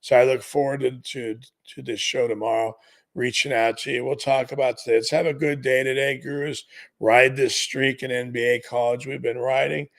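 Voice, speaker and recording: A man's voice: medium pitch, level tone, normal speed, gravelly, a bit bright. A man in his fifties hosting a live sports betting show, upbeat and talking straight to his viewers, whom he keeps calling "gurus". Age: 50s. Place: studio.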